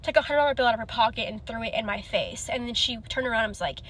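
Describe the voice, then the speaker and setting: A woman with a fairly high, bright, sharp-edged voice tells a storytime. She rambles, leaning on "like" and "you know" as she goes. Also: expressive, rapid-fire. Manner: rambling, heavy use of "like". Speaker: hairstylist. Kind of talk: casual storytime.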